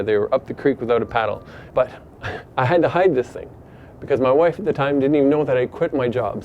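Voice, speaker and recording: A man's voice: medium pitch, muffled recording, slight background noise. A middle-aged man from Canada earnestly telling a personal story in a casual, reflective way.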